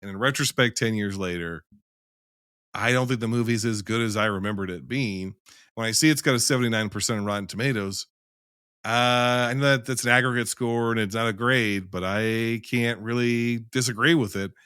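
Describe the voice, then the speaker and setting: A man's voice: medium pitch, normal speed, pushed and bright, smooth, no echo, studio quality. A man in a casual film-review chat, rambling and emphatic, who swears freely.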